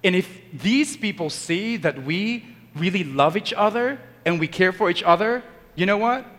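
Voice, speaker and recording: A man's voice: high voice, lively intonation, normal speed, a bit bright, in a large hall. A man, a Catholic priest, giving a Sunday homily in a conversational storytelling manner, acting out the people in his stories. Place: church.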